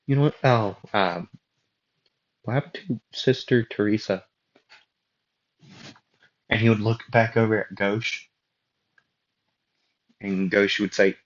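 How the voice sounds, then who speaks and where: A man's voice: fairly low pitch, slow pace, long pauses, highs cut off. A young man casually narrating a fan story, rambling with fillers and self-deprecating asides.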